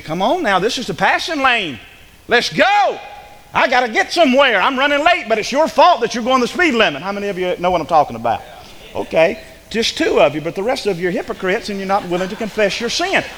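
A man's voice: a little high, in a large hall, slight background noise, poor audio. A male pastor, preaching a sermon emphatically and acting out the voices of the people he quotes. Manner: emphatic, acts out quoted speakers. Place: church sanctuary.

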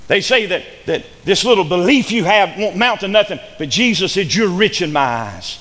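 Male preacher, higher voice, emphatic sermon delivery with hushed asides, church hall reverb. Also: expressive, normal speed. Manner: emphatic preaching, repeats words, swings between loud and hushed.

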